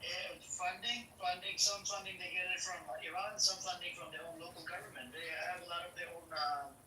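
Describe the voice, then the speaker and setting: A man's voice: high-pitched, flat delivery, a little fast, pushed and bright, distant mic. A man in a heated political podcast debate, blunt and combative, swearing and talking over others. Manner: blunt, combative, profane, interrupts. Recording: echoey, off-mic with faint noise.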